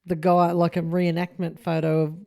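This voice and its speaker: A woman's voice: fairly low pitch, level tone, moderate pace, mellow. An Australian woman co-hosting a casual true crime podcast, joking and swearing in banter. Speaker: podcast co-host.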